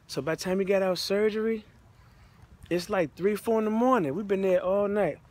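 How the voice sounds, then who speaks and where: A high, slightly mellow male voice moves briskly through a personal testimony. He's a motivational speaker from the United States, and he tells it in a relaxed, heartfelt way with loose slang.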